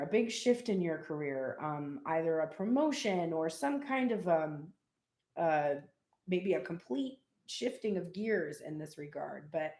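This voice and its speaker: Chatty woman reading tarot, roomy sound. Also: fairly low pitch. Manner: chatty and animated, frequent laughter and cheeky asides. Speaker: tarot reader. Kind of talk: casual live tarot reading.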